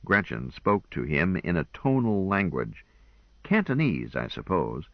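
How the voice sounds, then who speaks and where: A man reading an audiobook in a measured, expressive first-person narration, in a dull lo-fi recording. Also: low voice, dry recording.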